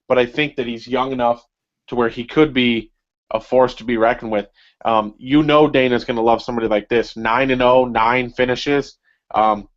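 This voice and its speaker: A man co-hosting a casual sports podcast in a joking, filler-heavy way. His voice sits at an ordinary middle pitch. The sound is dull and lo-fi. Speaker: podcast co-host.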